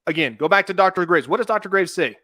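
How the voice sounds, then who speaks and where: Animated man with a bright voice. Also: high voice, fast talker, no echo, studio quality. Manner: animated, laughing, restarts a lot. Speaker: podcast host. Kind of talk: casual legal discussion.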